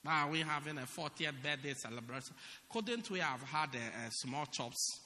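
A man preaching a sermon, animated and joking with the congregation. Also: on the high side, normal speed. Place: church hall. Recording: reverberant church hall.

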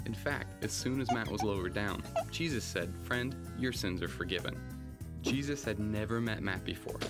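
Brief: a man faking a playful American narrator for a children's video, very animated delivery, music bed. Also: medium pitch, voice pushed down, natural voice. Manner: lively, playful storytelling to children. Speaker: kids' story video narrator. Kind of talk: children's Bible story narration. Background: background music.

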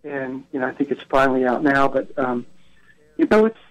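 A man's voice: medium pitch, animated, fairly quick. A man as a radio interview guest, telling stories in a chatty, anecdotal way with many self-corrections. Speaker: guest, co-founder of a record retail event. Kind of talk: radio interview, casual storytelling. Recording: dull lo-fi radio broadcast.

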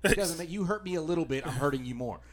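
A man's voice: a little high, lively intonation, racing. A man co-hosting a podcast, chatting in an emphatic, profane way. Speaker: podcast co-host. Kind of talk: casual chat.

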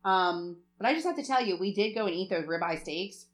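Woman, podcast co-host, mid-range voice, animated and outspoken. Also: medium pitch, fairly quick. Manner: animated, exclaiming and swearing. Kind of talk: casual chat.

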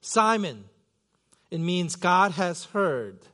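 A man's voice: sits high, big pitch swings, drawn-out words, bright, forceful tone. A middle-aged man from Korea preaching a sermon as pastor, in a conversational, self-deprecating way with many fillers and restarts. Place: church sanctuary.

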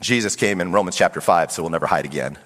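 A middle-aged man preaching a sermon as pastor, animated and acting out voices of Bible figures. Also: low voice, fast. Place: church sanctuary. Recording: long hall reverb.

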